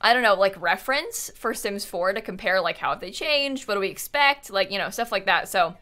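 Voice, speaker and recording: A woman's voice: mid-range voice, expressive, fairly quick, sharp tone, faint music behind. A woman hosting a casual live game stream from home, chatty and rambling with many fillers, thanking her viewers as she goes. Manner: reads out and thanks chat viewers.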